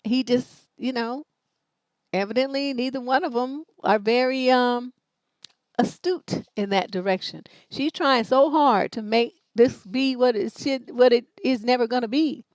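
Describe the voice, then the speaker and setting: A middle-aged woman with a fairly high voice speaks at a measured pace, recorded with no room sound. She hosts a livestream relationship advice show, telling stories in a blunt, brash way laced with plenty of swearing.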